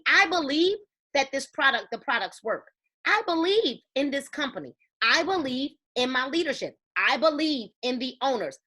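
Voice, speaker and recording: Bright, emphatic woman giving a motivational talk. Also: high voice. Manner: emphatic, preachy, storytelling with quoted dialogue. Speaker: network marketing team leader.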